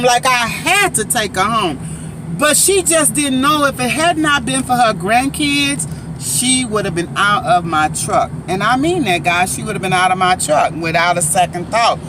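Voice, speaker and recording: A woman's voice: on the high side, expressive, normal speed, background noise. A woman vlogger telling a story-time account into her phone, emphatic and talking straight to viewers as "guys.". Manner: emphatic, keeps addressing viewers as guys and asking their opinion. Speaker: vlogger and faith prophetess.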